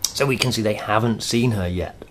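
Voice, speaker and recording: A man teaching a grammar lesson, explaining slowly and patiently with thoughtful pauses. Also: on the low side.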